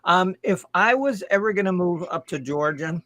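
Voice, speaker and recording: A man's voice: sits high, animated, moderate pace, bright, forceful tone, no echo. A man chatting casually on a live stream, rambling and often restarting his sentences.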